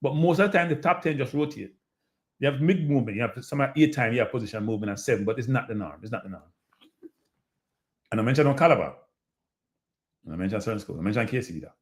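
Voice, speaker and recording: A man's voice: medium pitch, fast, pauses often. A man with a Jamaican accent hosting a live show, talking casually and animatedly to his audience and often repeating himself. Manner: animated, repetitive, addresses audience as people. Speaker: show host. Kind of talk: casual live-stream commentary.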